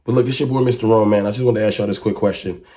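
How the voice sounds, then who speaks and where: Emphatic man with a dark, low voice. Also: rapid-fire. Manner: emphatic, full of rhetorical questions; rises to excited high-pitched exclamations when reacting to clips. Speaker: sports fan commentator. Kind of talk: casual fan commentary to camera.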